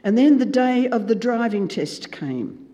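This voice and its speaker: Brief: male Christian speaker, high voice, lively storyteller, long hall reverb. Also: measured pace. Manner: animated storyteller acting out dialogue. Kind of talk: storytelling talk.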